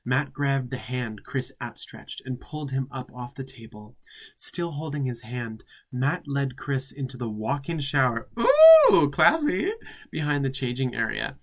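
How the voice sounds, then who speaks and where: A man's voice: medium pitch, moderate pace, fairly bright tone. Campy drag queen reading with sassy asides. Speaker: drag queen host reading fan fiction. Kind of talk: comedic reading with commentary.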